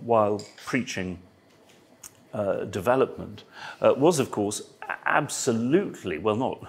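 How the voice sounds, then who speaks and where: A man speaking at an academic roundtable, halting and digressive, with dry asides. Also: sits low, a little hiss or hum. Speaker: roundtable panelist. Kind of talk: academic panel discussion. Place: symposium panel.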